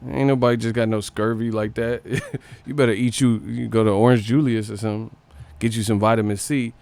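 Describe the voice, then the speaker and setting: Man, gravelly, profane joking host. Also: on the low side, fairly even intonation, fairly quick, darkish tone, dry recording. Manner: profane, joking, laughs often. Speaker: livestream host. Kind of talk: casual commentary.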